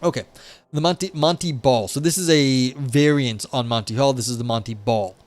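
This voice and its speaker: A man talking casually on a live stream, drifting between a philosophy paper and chatty asides. His voice sits at an ordinary middle pitch, loose and full of fillers. Faint music plays underneath. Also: normal speed, dry recording. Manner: rambling, chatty, many fillers, laughs at own asides.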